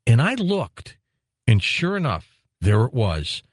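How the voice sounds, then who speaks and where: A middle-aged male radio host from Detroit talks in a chatty, animated way, his pitch rising and falling a lot. His voice sits mid-range, and the studio sound is dry and close. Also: slow, dry recording. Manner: animated and chatty, stammers at starts. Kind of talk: conversational radio talk.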